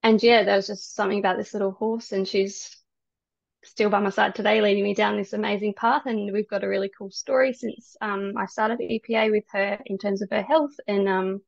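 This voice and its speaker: A woman guest on a podcast telling her story in casual chat, soft and hesitant with many ums. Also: medium pitch, fairly even intonation, brisk, creaky, no room sound. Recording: dry, dull lo-fi sound.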